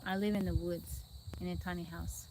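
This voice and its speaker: A woman with a slightly low voice chats easily with her live-stream viewers, greeting and thanking them one by one. She talks calm and unhurried into her phone outdoors. Faint insect and bird sounds hum behind her. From Texas, USA. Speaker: livestream host. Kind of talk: casual live-stream chat reading viewer comments. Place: outdoors in the woods by her tiny house. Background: insects and birds outdoors.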